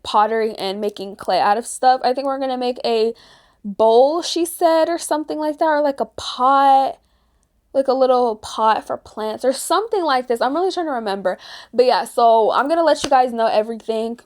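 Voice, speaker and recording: A 16-year-old girl vlogger chatting casually and ranting, with lots of "like". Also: fairly high pitch. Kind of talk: casual chat.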